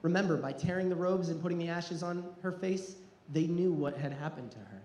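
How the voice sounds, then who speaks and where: A man's voice: fairly high pitch, brisk, darkish tone, reverberant, poor audio. A man preaching a sermon as pastor, earnest and building in intensity, sometimes repeating words as he restarts.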